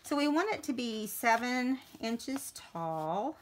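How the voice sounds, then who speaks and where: A woman, chatting while she works through a paper-crafting tutorial. She thinks aloud as she goes and keeps clearing a scratchy throat. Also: fairly high pitch, very animated, slow pace. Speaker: crafting video host.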